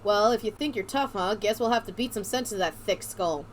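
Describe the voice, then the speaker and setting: A woman's voice: medium pitch, fairly quick, a little hiss or hum, pitched below the performer's own voice, natural voice. A woman voicing a crude, pushy male street thug from a game, leering and bullying.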